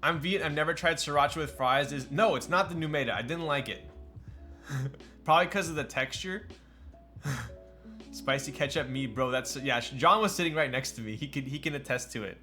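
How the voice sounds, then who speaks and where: Bright-voiced man chatting on a stream. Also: a little high, moderate pace, faint music behind. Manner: chatty and joking, replies to chat, laughs often. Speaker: live streamer building a keyboard. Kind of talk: casual live-stream chat.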